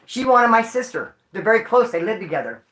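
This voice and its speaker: A grieving man talks to his livestream viewers in a high, bright voice. He is slangy and emotional, calling them dude and homeboy. The room around him is echoey. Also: big pitch swings, a little fast, a little hiss or hum. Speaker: livestream host. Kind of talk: casual livestream talk.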